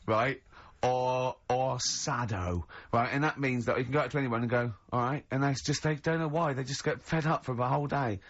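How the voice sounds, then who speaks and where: A man's voice: normal speed, few pauses. A hungover man hosting comic radio banter, giggly and playful, spinning silly ideas. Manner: giggly, bursts into high laughter and playful silly voices. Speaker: radio host. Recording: dull lo-fi radio broadcast.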